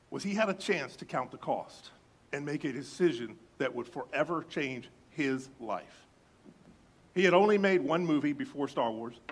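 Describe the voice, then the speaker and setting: A middle-aged man preaching a sermon, telling a story with lively acted-out voices and dropping to soft, low emphasis on key words. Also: slightly rough. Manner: animated storyteller, acts out voices in anecdotes. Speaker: pastor.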